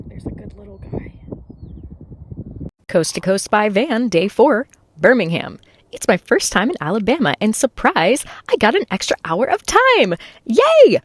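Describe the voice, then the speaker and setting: A woman's voice: fairly low pitch, no echo. A woman chatting through a casual travel vlog in an enthusiastic, chatty way. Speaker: travel vlogger.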